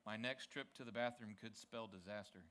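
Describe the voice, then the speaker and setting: A man's voice: on the low side, normal speed, fairly bright tone, slight background noise. A man hosting a student ministry service from a church stage, chatting casually with the young crowd and checking in with them often. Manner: upbeat, coaxing, checks in with the crowd.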